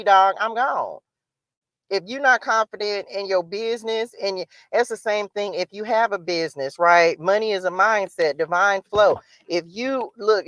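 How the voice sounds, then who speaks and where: A woman tarot reader hosting a casual livestream, animated and chatty, often laughing as she talks to her viewers. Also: medium pitch, no room sound.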